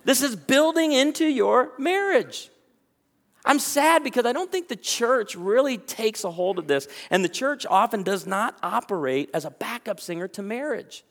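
A man preaching from the pulpit with a fairly high, animated voice, acting out the people in his stories. His sermon rings with the long reverb of a large church hall, and his delivery swings between playful and earnest. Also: moderate pace, gravelly, few pauses. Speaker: pastor.

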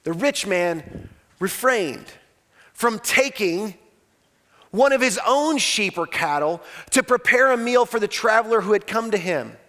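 High-voiced male pastor preaching. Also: animated, measured pace. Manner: dramatic retelling, swings from loud to hushed. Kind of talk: sermon.

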